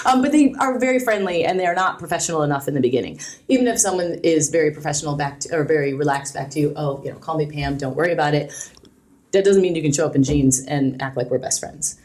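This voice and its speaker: A woman's voice: low voice, lively intonation, fast talker, darkish tone. A middle-aged woman, a guest on an interview show, talking frankly and animatedly about her work and acting out quotes as she tells stories. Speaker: guest, alumni relations director. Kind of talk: casual conversational interview.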